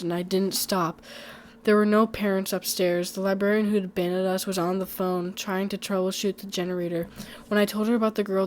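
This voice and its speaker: A woman's voice: mid-range voice, darkish tone, a little hiss or hum. A woman reading a first-person horror story aloud in a conversational way, with small slips and restarts.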